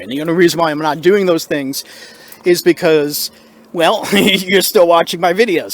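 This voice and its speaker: A man talking casually to the camera on a porch outdoors, rambling with fillers and out of breath. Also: a little high. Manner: rambling, conversational, with frequent fillers and asides. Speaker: political video blogger.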